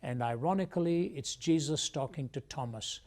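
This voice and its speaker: A man from India, a guest on a TV interview show, telling his life story in a measured, earnest way. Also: on the high side, darkish tone.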